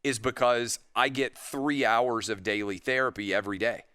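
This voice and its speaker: Bright, crisp-voiced male radio host. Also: medium pitch, moderate pace, no room sound. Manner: animated, rambling, acts out imagined dialogue. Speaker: radio talk show host. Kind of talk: opinionated radio monologue. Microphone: studio microphone.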